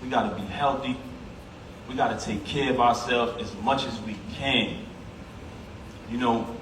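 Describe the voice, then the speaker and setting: Man giving an emphatic eulogy in an echoey hall. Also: on the low side. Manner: emphatic, conversational, addresses the crowd directly. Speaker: eulogy speaker at a funeral. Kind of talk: heartfelt public eulogy speech. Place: funeral service hall. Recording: echoey hall, voice from a distance, background noise.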